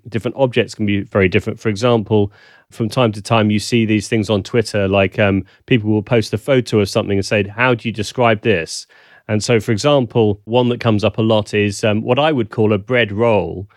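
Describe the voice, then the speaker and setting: A man with a Southern English accent talks in a lowish voice as a guest on a video call. He muses thoughtfully, pausing on ums. The sound is close and dry, with no room in it. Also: dry recording. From south of England. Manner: warm, thoughtful, with frequent ums. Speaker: guest, language consultant. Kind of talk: casual interview chat.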